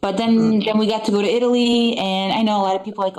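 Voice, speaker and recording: A woman's voice: mid-range voice, steady tone, fast talker, darkish tone, poor audio. Chatty woman doing stand-up. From Eastern Europe. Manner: chatty, rambling, full of fillers and dry asides. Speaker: stand-up comedian. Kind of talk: live stand-up set. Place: comedy club stage.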